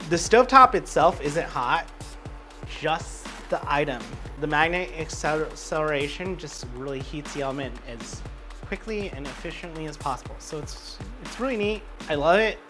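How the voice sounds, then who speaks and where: A tipsy man chats his way through a home cooking show, cracking jokes and swearing freely as he goes. Soft music and the sizzle of a frying pan sit faintly behind him. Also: on the high side, expressive, moderate pace. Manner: rambling, joking and swearing freely. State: drunk. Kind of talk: casual cooking chat. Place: home kitchen.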